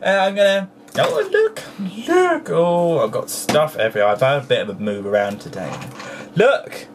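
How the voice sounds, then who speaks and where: A toy vlogger talking casually to a camera at home, playful and childlike in grammar, breaking into excited squeals. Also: mid-range voice, brisk, recorded from a distance, noisy background. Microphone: camera close up.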